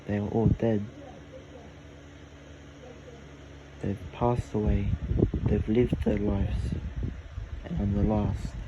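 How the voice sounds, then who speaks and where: A man voicing a lonely gentle dragon. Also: on the low side, level tone, lo-fi sound. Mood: sad. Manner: slow, solemn, plain storytelling voice. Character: lonely gentle male dragon, last of its kind. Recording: loud air conditioning hum. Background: air conditioning.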